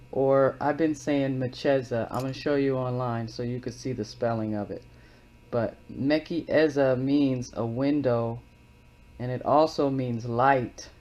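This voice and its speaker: A man hosts his own channel from a wood-walled living room, offering earnest, rambling commentary between scripture readings and repeating words as he explains. His voice is medium-pitched and a little mellow, and the highs are cut off.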